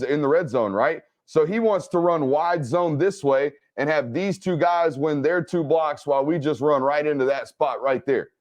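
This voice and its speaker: A man talking through game film with steady energy and a voice pitched a little high. He narrates each play and keeps checking in with his listener with "right?" and "okay?". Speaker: football film analyst and host. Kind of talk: game film breakdown commentary.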